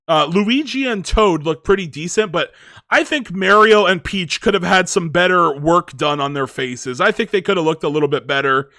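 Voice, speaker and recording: Guy chatting thru a movie review, high bright voice, lots of likes and ums, dry sound. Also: no echo. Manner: rambling, lots of filler words. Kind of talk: casual movie review chat.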